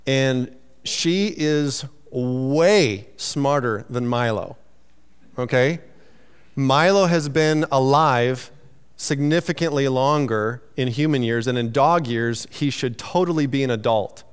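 A man's voice: medium pitch, takes it slowly, clean tone, in a large hall. A man preaching a sermon in a loose, conversational way, teasing himself and restarting his sentences. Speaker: pastor.

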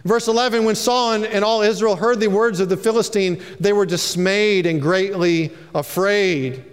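Animated male pastor, high voice, preaching in a reverberant sanctuary. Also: moderate pace, hardly any pauses, clean tone. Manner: animated, preachy, calls for amens. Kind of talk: sermon.

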